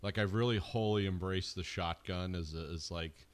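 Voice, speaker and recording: A man's voice: sits low, normal speed. A man in casual conversation, speaking hesitantly with restarts and filler words. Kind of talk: casual chat.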